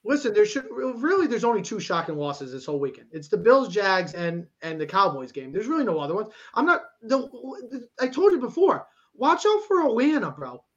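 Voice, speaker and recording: A man's voice: high-pitched, big pitch swings, a little fast, hardly any pauses, dull audio. A man co-hosting a sports talk show, argumentative and emphatic, often cutting in with "listen" and "bro". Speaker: sports podcast co-host.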